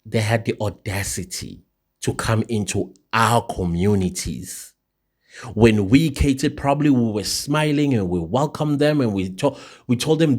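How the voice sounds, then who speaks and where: A man's voice: medium pitch, darkish tone. A South African man hosting an impassioned opinion monologue, firing off rhetorical questions. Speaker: show host.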